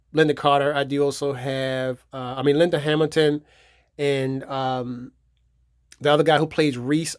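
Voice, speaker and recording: A man's voice: medium pitch, no echo, clean studio sound. A man giving a casual, rambling show-and-tell of his movie collection, repeating himself and leaning on fillers. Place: home theater room.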